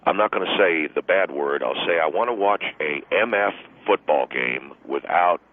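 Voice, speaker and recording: A man's voice: low voice, normal speed, pitched below the performer's own voice. A man voicing an irritable middle-aged football coach who rants indignantly about wives at games, heard over a phone line. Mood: defensive. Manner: blustering, indignant ranting.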